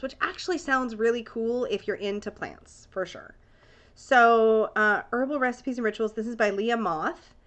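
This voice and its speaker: A woman's voice: a little high, a bit bright. A woman reviewing tarot decks in a casual vlog, gushing and bubbly, talking to viewers like a close friend.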